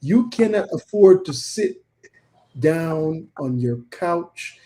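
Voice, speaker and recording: Guy on a chat podcast, kinda high voice, mellow tone, pushing folks to vote. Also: lively intonation, takes it slowly, low-quality recording. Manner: earnest, urging listeners to vote. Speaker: co-host.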